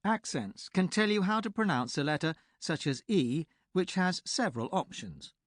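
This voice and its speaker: A man reading a scripted language lesson for an audiobook, speaking clearly and explaining step by step. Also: sits high, big pitch swings, normal speed, dry recording, studio quality. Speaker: language tutor.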